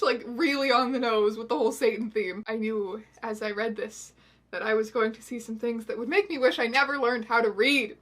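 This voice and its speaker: A woman narrating a comedic video essay with a somewhat high voice. She delivers dry, sarcastic asides with quick, wry timing. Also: fairly even intonation, a bit bright.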